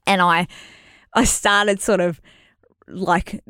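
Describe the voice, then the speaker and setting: A woman co-hosting a podcast, telling an animated, self-deprecating story and laughing often. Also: fairly low pitch, takes it slowly, clear, resonant tone, no echo, clean studio sound. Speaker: podcast co-host. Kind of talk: casual storytelling chat.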